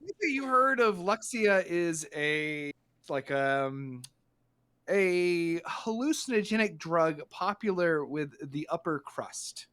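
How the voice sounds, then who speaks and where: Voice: medium pitch, expressive, slow pace, fairly bright tone. A game master narrating a tabletop game in a loose, chuckling way, full of fillers.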